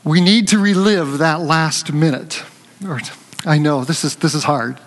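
An older man preaching a conversational sermon, telling a lively story and joking with his congregation. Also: a little high, a little slow, in a large hall. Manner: animated storytelling, jokes with the congregation.

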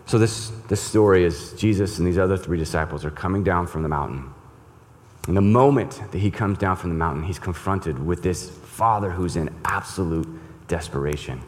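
Deep-voiced pastor preaching in a reverberant hall. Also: male voice, normal speed. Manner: earnest, emphatic, repeats words. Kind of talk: sermon with scripture reading. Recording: long reverb in a large hall.

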